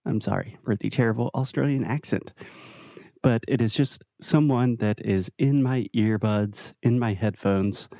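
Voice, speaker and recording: A man's voice: on the low side, warm tone, no echo, clean studio sound. A man hosting a casual English lesson video, explaining ideas with friendly everyday examples. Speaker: English teacher.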